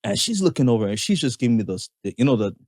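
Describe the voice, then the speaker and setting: A man's voice: mid-range voice, very animated, racing, darkish tone, no echo, studio quality. A man co-hosting a podcast in casual chat, talking in hesitant restarts and laughing often. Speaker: podcast co-host.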